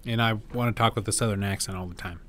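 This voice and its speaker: Low-voiced joking man, casual banter. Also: fairly even intonation, fast talker, a bit bright. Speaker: podcast guest, comedian. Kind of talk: casual chat.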